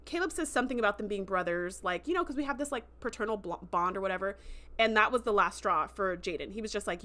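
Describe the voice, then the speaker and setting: A woman hosting a casual livestream review, chatty and enthusiastic, with lots of fillers and quick acted-out quotes. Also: mid-range voice, lively intonation, fairly bright tone. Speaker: show host recapping a TV episode.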